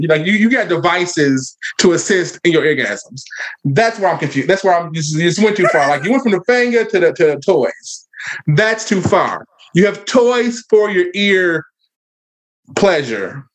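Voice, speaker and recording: A man on a casual discussion panel, rambling and repeating words, playfully judging. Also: high voice. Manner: rambling, repeats words while searching for them. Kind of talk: casual group chat.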